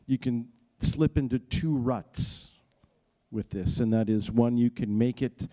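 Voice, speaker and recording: Slow, mellow-voiced man answering. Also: mid-range voice. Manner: slow and halting, with fillers. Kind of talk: answering a question, teaching.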